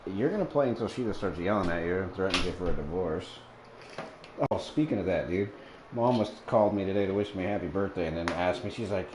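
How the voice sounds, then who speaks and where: A man's voice: low voice, expressive, fairly quick, noisy background. A man chatting casually while playing a video game with a friend, blunt and swearing constantly as he rambles. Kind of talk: casual chat over gameplay.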